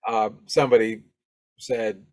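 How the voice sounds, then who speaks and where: A middle-aged podcast host from Alabama speaks in a somewhat low voice. He talks casually and rambles, with lots of ums, uhs and restarted phrases. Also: flat delivery, measured pace, a little mellow. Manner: rambling, many fillers and restarts. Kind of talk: casual solo podcast talk.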